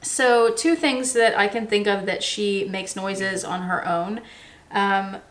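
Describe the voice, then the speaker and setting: A woman chats casually to the camera in a relaxed vlog style. Her voice sits in an ordinary middle pitch. She explains patiently with everyday examples and drops in plenty of ums. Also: slow pace, noisy background. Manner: chatty and relaxed, with frequent ums and restarts. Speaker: vlogger.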